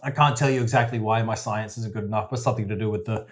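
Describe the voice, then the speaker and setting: A man co-hosting a podcast in casual chat, relaxed and mumbling through food. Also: fairly low pitch, quick pace. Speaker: podcast co-host.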